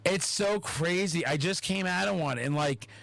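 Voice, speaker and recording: A man with a notably high-pitched voice hosts a casual podcast chat, talking loosely and animatedly at a moderate pace with vocal fry, swearing often and slipping into acted-out quotes. The sound is very dry with no room around it, though the audio quality is poor.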